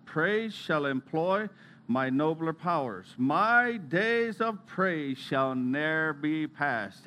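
A man's voice: fairly high pitch, a bit bright, a little hiss or hum. Reverent man reading a devotional. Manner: slow, reverent reading with brief asides. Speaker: preacher.

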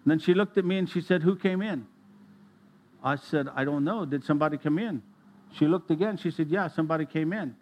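A middle-aged man preaching in an earnest, storytelling way, his voice sitting a little higher than most men's. He often pauses to clear his throat as he speaks. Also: a little mellow. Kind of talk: sermon.

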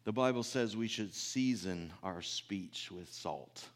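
A man preaching a sermon in a folksy, conversational way, swelling louder on his key points and often clearing his throat. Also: lowish voice, slow pace.

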